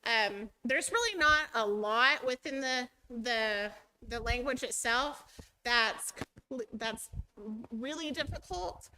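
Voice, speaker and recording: A woman's voice: a little high, animated, slow, sharp tone, smooth, rough recording. A woman teacher giving a chatty training talk, often acting out her students' voices.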